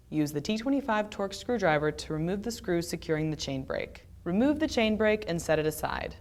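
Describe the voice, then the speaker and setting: A woman reading a scripted voice-over that gives measured, step-by-step repair instructions. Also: on the low side. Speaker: narrator of a repair video.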